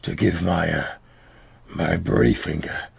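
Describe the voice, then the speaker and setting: A man's voice: low voice, expressive, pitched below the performer's own voice, heavily acted. A man voicing a frightened captured nobleman who stammers through his story. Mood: shaken. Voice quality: gravelly, husky. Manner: halting, stammering.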